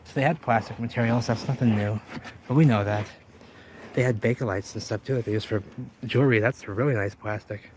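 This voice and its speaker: A man's voice: mid-range voice, brisk, darkish tone, slight background noise. A man narrating an exploring vlog outdoors, rambling to viewers while he walks and points things out. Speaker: vlogger. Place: outdoors by a river wall.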